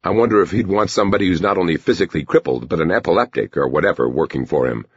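A man's voice: deep voice, rapid-fire, husky, no echo. A man voicing a cold, dismissive young working man with a curt, aloof manner. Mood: musing. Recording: dull lo-fi recording.

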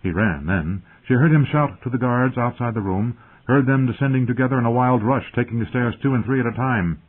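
A man narrating an audiobook in a measured, dramatic storytelling manner. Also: medium pitch, slightly rough. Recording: tinny phone-like audio.

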